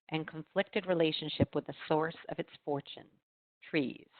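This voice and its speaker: A woman's voice: low voice, no echo. A woman hosting a casual book recommendation chat, reading blurbs with many ums and uhs over a video call. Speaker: library marketing host. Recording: tinny dry video call audio.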